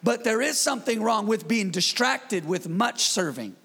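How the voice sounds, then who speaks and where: A man preaching as pastor in his church, in a lively, conversational style with call-and-response to the congregation. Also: high voice, normal speed, creaky, slightly rough, long reverb tail. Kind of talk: sermon.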